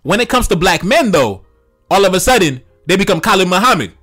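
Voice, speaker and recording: A man's voice: high voice, sing-song, fairly quick, fairly bright tone, slightly rough, faint music behind. Heated, profane male commentator. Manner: repetitive, profane, lecturing rant. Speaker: online commentator.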